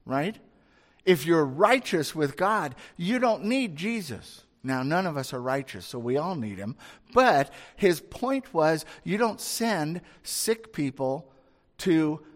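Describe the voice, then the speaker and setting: A male preacher giving a conversational sermon, often asking rhetorical questions. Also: a little high. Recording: long hall reverb.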